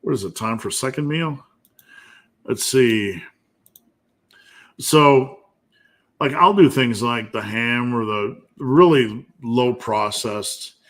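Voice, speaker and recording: A man's voice: medium pitch, slow, pauses often. A man who coaches lifting, answering viewer questions on a live stream in a loose, joking way and thinking aloud as he goes. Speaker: strength coach and host.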